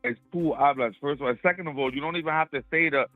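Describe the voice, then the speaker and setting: A man's voice: on the high side, quick pace, no echo, faint music behind. Slangy man on a tinny phone line. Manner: laid-back slangy explaining, many fillers. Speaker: caller. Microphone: phone call.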